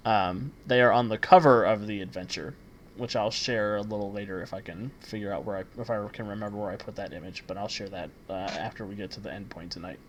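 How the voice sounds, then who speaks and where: A man's voice: fairly low pitch, fairly even intonation, fast, dull audio, slight background noise. A man running a tabletop game as game master, narrating scenes in detail with frequent "uh" fillers.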